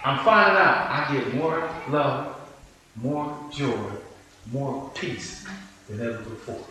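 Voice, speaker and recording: A man in his sixties preaching a sermon as pastor, in repeated rhythmic phrases that swing from hushed to hollering. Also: medium pitch, slow. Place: church hall. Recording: echoey church from a distance.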